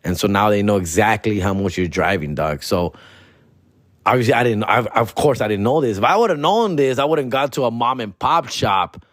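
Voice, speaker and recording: A man's voice: on the low side, expressive, moderate pace, fairly bright tone, no room sound. A man hosting a comedy podcast, telling a story in profane slang mixed with Spanish words.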